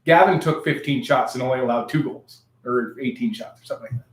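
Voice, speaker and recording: A man in casual podcast banter, telling long rambling stories at a middle pitch and laughing at his own jokes. His voice carries the echo of a bare room. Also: fast. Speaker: podcast co-host. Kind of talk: casual chat.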